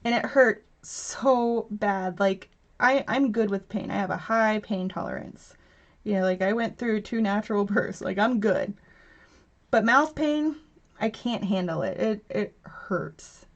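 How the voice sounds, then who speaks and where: This woman talks at a medium pitch and never rushes. In her thirties, she hosts an easygoing craft livestream from home, reading out viewer comments, chatting, and laughing, all captured in dull lo-fi audio.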